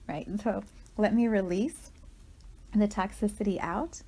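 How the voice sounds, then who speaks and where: A woman guiding a walking meditation, talking gently and conversationally with frequent asides to the listener. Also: medium pitch, steady tone, moderate pace. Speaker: meditation guide.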